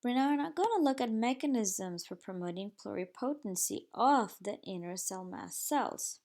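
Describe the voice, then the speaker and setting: A woman giving a recorded slide lecture in a measured, explanatory way. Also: a little high, animated, a little mellow.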